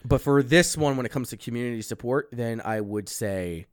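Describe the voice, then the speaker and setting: A man's voice: medium pitch, normal speed, no echo, studio quality. Blunt, swearing young man. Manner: blunt, swears casually, reads lists aloud. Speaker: podcast co-host. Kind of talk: casual chat.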